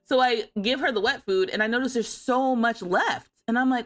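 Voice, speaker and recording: A woman's voice: fairly high pitch, normal speed, fairly bright tone. A woman in her thirties chatting casually on a livestream, telling stories with lots of laughter. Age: 30s. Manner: chatty storytelling, often laughing and mimicking her cat. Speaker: streamer.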